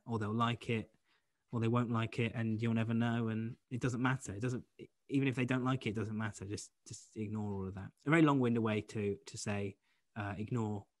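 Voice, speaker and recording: A young British comedian, guesting on an interview, speaks in a lowish voice with no echo. He talks casually and rambles, restarting often, leaning on fillers and poking fun at himself.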